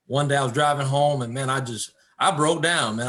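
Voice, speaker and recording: Halting, earnest man in conversation. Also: mid-range voice, a bit bright. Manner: halting, repeats words while searching for thoughts. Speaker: football coach, interview guest. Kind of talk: candid conversation about marriage.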